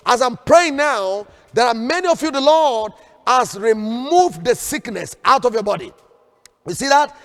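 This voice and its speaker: High-voiced fervent man preaching in a reverberant hall. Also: animated, a little slow, fairly bright tone. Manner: fervent, calls out declarations for viewers to repeat. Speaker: prophet leading online prayer broadcast. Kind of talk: prophetic prayer sermon. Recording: long hall reverb with faint background music.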